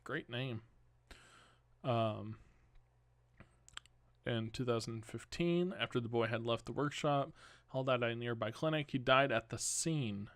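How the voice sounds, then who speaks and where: Young male podcast host, unhurried news reading with offhand commentary, dry mic. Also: mid-range voice, fairly bright tone, dry recording. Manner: casual, rambling asides and self-corrections.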